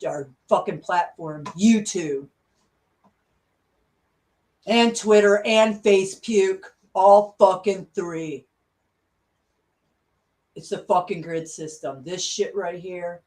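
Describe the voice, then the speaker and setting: A woman's voice: fairly low pitch, takes it slowly, darkish tone. A woman vlogger ranting angrily, swearing constantly and repeating herself. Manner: furious, swearing constantly, repetitive. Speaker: conspiracy vlogger. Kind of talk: angry profane rant.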